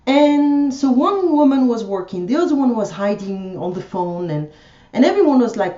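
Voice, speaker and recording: A woman's voice: on the high side, animated, moderate pace, mellow, echoey room, lo-fi sound. Frustrated French woman venting. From France. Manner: frustrated, blunt, frequent fillers and restarts. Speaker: French teacher vlogger. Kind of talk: ranting vlog monologue.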